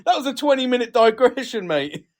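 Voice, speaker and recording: A man's voice: very high-pitched, big pitch swings, brisk, a loud crowd. Sweary British man in loose banter. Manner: blunt, sweary, laughing banter. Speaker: podcast co-host. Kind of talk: casual chat.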